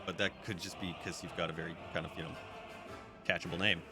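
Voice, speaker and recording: A man's voice: low-pitched, little pitch movement, fast. A man giving chatty live commentary while he plays a strategy game and talks to his chat. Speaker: streamer. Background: background music.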